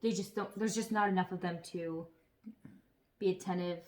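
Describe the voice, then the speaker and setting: A woman's voice: lowish voice, moderate pace. Chatty woman vlogging to camera. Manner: chatty, animated storyteller who swears. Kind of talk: casual chat to camera.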